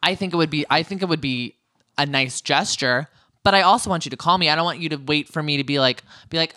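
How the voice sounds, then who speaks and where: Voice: mid-range voice, lively intonation, fast, sharp tone, no room sound, clean studio sound. A podcast co-host chatting casually and opinionatedly in a reality-TV recap, with jokey asides.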